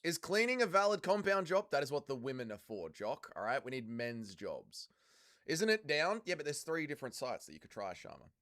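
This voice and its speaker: A male livestream host with a smooth, clear voice that sits a little high for a man. He chats casually through a watch-along, reading out viewer comments and firing back crude, swearing banter. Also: big pitch swings, a little fast, a bit bright. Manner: casual, swears freely, calls people mate. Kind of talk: casual live-stream watch-along chat.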